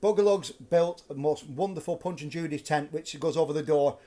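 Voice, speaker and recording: A man hosting a live stream from his flat, telling a ghost story in a chatty, animated way. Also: fairly high pitch, fairly quick. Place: flat at home.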